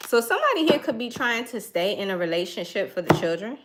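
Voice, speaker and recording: A woman's voice: on the high side, big pitch swings, fast, very noisy. Chatty woman doing a tarot reading. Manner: chatty, thinks aloud, laughs now and then. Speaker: tarot reader.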